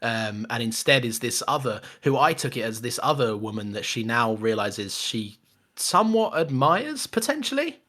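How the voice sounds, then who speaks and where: With a medium-pitched voice at normal speed, a man co-hosts a laid-back film review podcast. He keeps it animated, laughing a lot and starting over often mid-thought.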